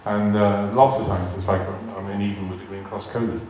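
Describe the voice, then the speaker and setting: Recorded from a distance in an echoey, large arts hall with faint hiss, this later-years man speaks with a West Country English accent. As a guest speaker before a live audience, he's a chatty, amused storyteller, using a fairly low, darkish, level voice at a normal speed.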